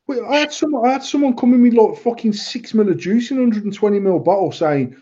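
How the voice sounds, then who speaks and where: Blunt sweary man, dark husky voice. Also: high voice, fairly quick, dull audio. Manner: blunt, sweary, laughs often. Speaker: vape shop owner and podcast host. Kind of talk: casual podcast chat.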